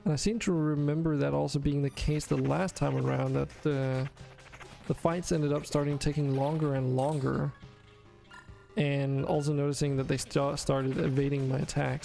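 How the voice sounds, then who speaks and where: A man's voice: a little high, gravelly, darkish tone. A man casually talking through his gameplay on a stream, rambling, drowsy and self-correcting as he goes. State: yawning, sleepy.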